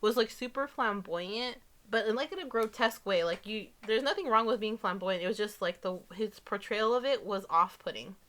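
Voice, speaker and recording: Brief: female podcast co-host, blunt and emphatic, bright and forceful tone, mid pitch. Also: normal speed, few pauses. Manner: blunt, emphatic, filler-heavy. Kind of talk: casual chat.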